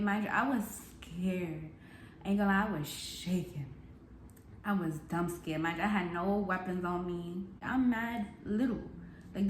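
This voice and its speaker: A woman's voice: medium pitch, a little hiss or hum. Young woman telling a wild story, cursing. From New York. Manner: animated, profane street slang, acts out shouted quotes. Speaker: vlogger. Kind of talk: storytime vlog. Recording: echoey room.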